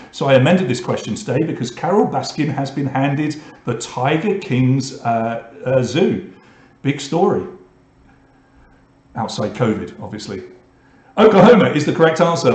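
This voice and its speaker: A man with a British accent hosts an online pub quiz in a relaxed, chatty way, mixing scores and questions with offhand remarks. His voice sits at an ordinary middle pitch. The recording has a noticeably roomy echo. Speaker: quiz host.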